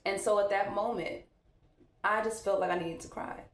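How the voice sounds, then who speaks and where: A woman's voice: medium pitch, fairly even intonation, normal speed. A woman, a mom talking candidly and reflectively while she gets ready at home. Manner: candid, reflective, loose conversational delivery. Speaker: vlogger, mom. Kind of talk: casual get-ready-with-me chat. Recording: echoey room.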